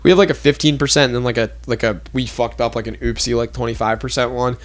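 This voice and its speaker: A man's voice: mid-range voice, fairly even intonation. Ranting guy, young, swearing. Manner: rambling, profane, fast ranting with many fillers. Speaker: podcast host. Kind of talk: casual chat.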